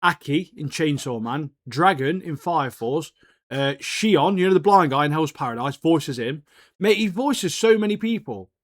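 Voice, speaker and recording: A man's voice: on the high side, lively intonation, moderate pace, no room sound, studio quality. A man, co-hosting a podcast in casual, jokey banter and ending phrases with "mate". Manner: laid-back and jokey, ends phrases with "mate". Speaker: podcast co-host. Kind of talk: casual banter about anime and TV.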